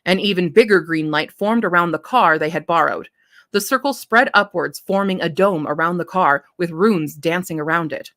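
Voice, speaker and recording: A woman reading her own story draft aloud, pausing to redo lines as she goes. Her voice sits on the low side and her delivery is casual. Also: fairly bright tone.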